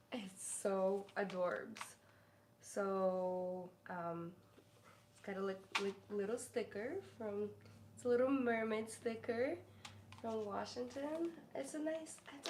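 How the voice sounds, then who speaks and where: A woman's voice: medium pitch, slow, darkish tone. A woman streamer chatting casually and rambling, cooing to her dog between stories. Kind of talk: casual live-stream chat. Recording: echoey room with faint noise.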